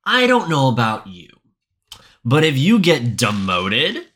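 A man co-hosting a podcast, ranting about a movie with profane exasperation and sudden shouts; his voice is going hoarse. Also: medium pitch, wildly swooping pitch, slow pace. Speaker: podcast co-host.

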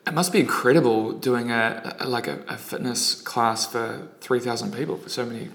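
A man's voice: mid-range voice, normal speed, vocal fry, fairly bright tone, roomy sound. A man co-hosting a podcast, asking friendly questions in a casual chat. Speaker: podcast co-host.

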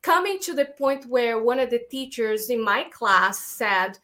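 High, bright-voiced Latina woman. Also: unhurried. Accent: Latin American. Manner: animated, emphatic, lots of "like" and "you know". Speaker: filmmaker guest. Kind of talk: casual interview chat.

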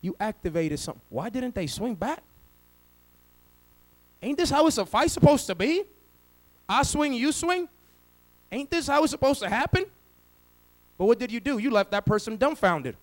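A man preaching a sermon as pastor, swinging from loud to hushed and acting out quoted voices. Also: extremely high pitch, sing-song, moderate pace, pauses often, rough recording.

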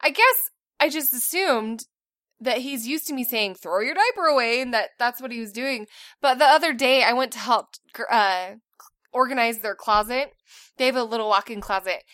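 A woman in her thirties co-hosting a podcast in casual chat, telling animated stories and laughing often. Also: on the high side, normal speed, no room sound, studio quality. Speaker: podcast co-host.

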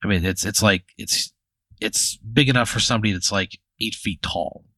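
Running an improvised tabletop game, the game master narrates in a relaxed, talkative style, leaning on "like" and "you know." His voice is fairly low, bright, slightly rough, and forceful at the edge, at a moderate pace, recorded dry and close without room sound.

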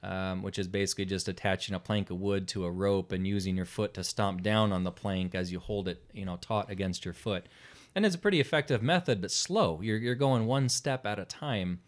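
Podcast host, man, low voice, lively storyteller, casual banter. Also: brisk. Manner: chatty, animated storyteller with fillers. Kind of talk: casual chat.

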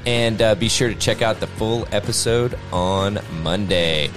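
A man's voice: on the low side, unhurried, music in the background. A man hosting a casual podcast, joking and laughing often as he signs off the episode. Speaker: podcast host.

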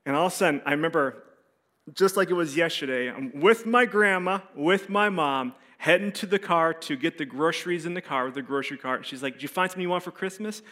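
A man preaching a sermon, telling a personal story with animated voices and quiet, serious stretches. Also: a little high, fairly quick. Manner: animated storyteller, acts out voices, drops soft for serious moments. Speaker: pastor.

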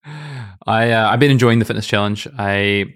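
A man's voice: on the low side, moderate pace, a bit bright, clean tone. A young man co-hosting a casual podcast, chatty and upbeat with lots of fillers. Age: young adult. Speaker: podcast co-host.

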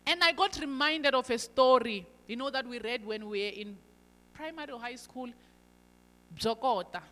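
A woman preaching a sermon, emphatic, moving between loud stressed lines and quiet asides. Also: on the high side, normal speed. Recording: long hall reverb.

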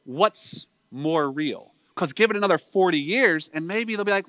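A man's voice: high voice, lively intonation, moderate pace, bright, forceful tone, no room sound, clean studio sound. A man with a Southern US accent preaching a sermon in a conversational way, asking the listeners rhetorical questions.

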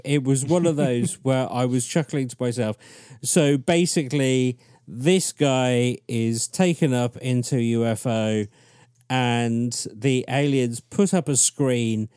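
Guy telling a story slow on a podcast, laughs a lot, does the voices, dry sound. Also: medium pitch, no room sound. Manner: animated storyteller, laughs often, acts out quoted dialogue. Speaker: podcast guest discussing alien abductions. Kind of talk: casual podcast chat.

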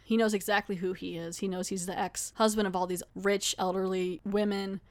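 A woman podcast host giving a casual, chatty recap of a TV episode, laughing now and then and slipping into quick acted asides. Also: mid-range voice, flat delivery.

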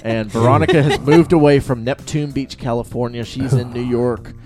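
A man's voice: medium pitch, steady tone, normal speed, a little mellow, faint music behind. A man co-hosting a casual podcast, chatty and playful, laughing often as he reviews a movie. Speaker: podcast co-host.

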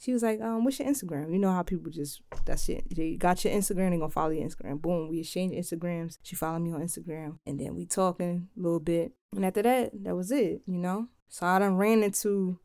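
Woman, young, from Philadelphia, slangy and animated, fairly low pitch, dry close recording. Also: a little fast, few pauses, no room sound. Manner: laid-back, slangy, animated retelling. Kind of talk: casual storytelling vlog.

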